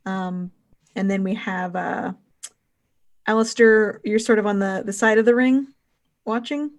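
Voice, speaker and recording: A woman's voice: medium pitch, fairly even intonation, unhurried. Rambling woman game master. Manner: rambling, fillers, giggly. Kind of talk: narrating a tabletop game.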